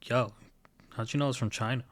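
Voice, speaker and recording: A man co-hosting a casual podcast, chiming in with short, relaxed remarks. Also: mid-range voice, brisk. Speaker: podcast co-host. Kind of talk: casual chat.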